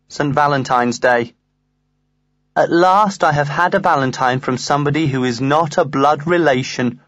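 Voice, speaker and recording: A man reading a comic diary aloud in the first person, earnest and lively. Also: a little high, dry recording. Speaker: audiobook reader.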